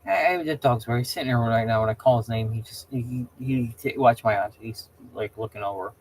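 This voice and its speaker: A middle-aged man chats informally with viewers as host, wandering off on opinionated tangents and repeatedly restarting or stumbling through sentences. His mid-range voice is brisk. There's slight background noise, and overall the audio is poor.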